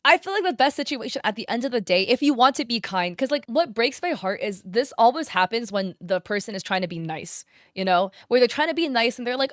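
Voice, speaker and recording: A woman's voice: a little high, lively intonation, a little fast, few pauses, no echo, studio quality. A woman hosting casual commentary on online art drama, chatty and gushing, with slangy speech full of fillers. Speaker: commentary channel host.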